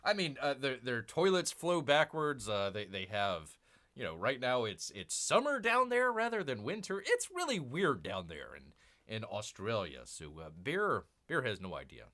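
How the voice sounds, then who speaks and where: Here a man's fairly bright, mid-range voice rambles through a casual comic book stream full of fillers and restarts. Calling himself Bear in the third person, he keeps speaking to viewers as "people."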